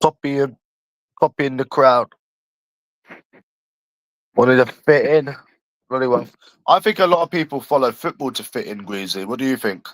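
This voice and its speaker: A man's voice: medium pitch, normal speed, pauses often, no echo. A man from London chatting casually on a livestream, rambling and addressing a viewer by nickname.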